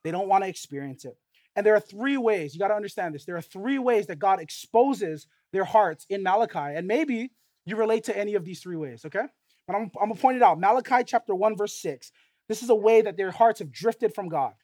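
A man's voice: high-pitched, lively intonation, brisk, a little mellow, dry recording. A man preaching a sermon in a casual, conversational way, often checking in with "right?" and acting out quotes. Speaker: pastor.

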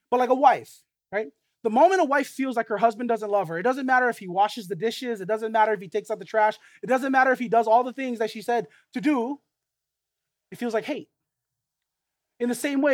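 A man's voice: very high voice, dry recording. A man preaching a sermon in a casual, conversational way, often checking in with "right?" and acting out quotes. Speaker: pastor.

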